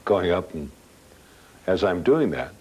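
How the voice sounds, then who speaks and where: An older man casually telling a personal anecdote as a guest, halting at times and acting out dialogue. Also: deep voice, big pitch swings, darkish tone, slight background noise, rough recording. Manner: plain-spoken, halting, with restarts and quoted dialogue. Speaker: guest storyteller.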